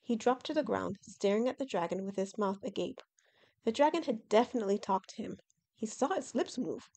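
A woman reading her own fantasy novel aloud in a steady, expressive storybook narration. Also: mid-range voice, brisk.

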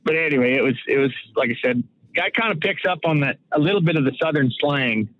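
A man from Saskatchewan calls in as a guest, and his voice comes through a thin, phone-like line. He rambles easily from one story to the next and laughs often, sitting a little high in his range. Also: quick pace. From Canada, Saskatchewan. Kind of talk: casual interview over the phone. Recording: phone-like narrow sound.

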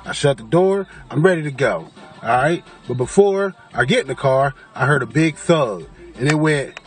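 A man's voice: mid-range voice, normal speed, music in the background. A man casually telling a story to his camera, cursing freely and acting out the voices of the people in it. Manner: animated, profane, acts out quoted voices. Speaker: vlogger.

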